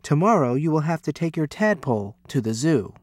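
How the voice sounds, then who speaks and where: Firm, sensible parents in a storybook, as a man reads them out, scolding their son. The voice is slightly raised and measured, recorded close and dry. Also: on the high side, big pitch swings, a little mellow, no room sound. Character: stern, sensible parents of a boy.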